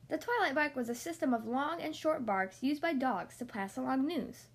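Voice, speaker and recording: A woman reading a children's storybook aloud in a gentle, expressive manner. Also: sits high, moderate pace, husky.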